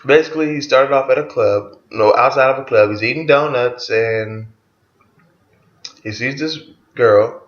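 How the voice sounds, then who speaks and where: A man's voice: medium pitch, a little slow. Male vlogger, mid-range voice, loose profane album-review chat; echoey room, muffled lo-fi recording. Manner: loose and profane, retelling songs track by track. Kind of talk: casual spoken album review.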